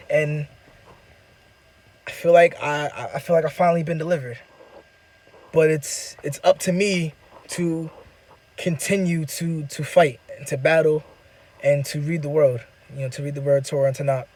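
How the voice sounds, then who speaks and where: A man's voice: on the high side, fairly even intonation, normal speed, pauses often, a little mellow. A young man in his twenties telling a personal story in casual, rambling talk full of fillers and repeats. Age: 20s. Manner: loose, repetitive, filler-heavy talk. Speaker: vlogger sharing a personal story.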